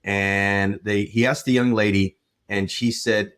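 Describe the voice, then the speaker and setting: A man co-hosting a relationship podcast, recounting a personal story in a steady, measured way. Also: lowish voice, clear, resonant tone. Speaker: relationship coach and podcast co-host.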